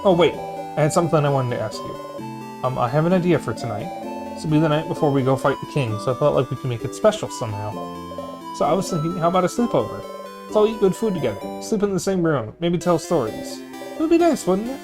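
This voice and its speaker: A gentle, cheerful young woman from a video game, as a man reads her lines in a raised voice. She talks brightly and eagerly, then turns shy and apologetic. Game music plays behind her. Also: on the high side, big pitch swings, fast talker, voice pushed up.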